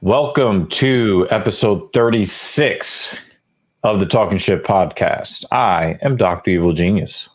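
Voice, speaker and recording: A man's voice: on the low side, measured pace. Young man joking through crude banter. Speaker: podcast host. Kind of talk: casual podcast chat.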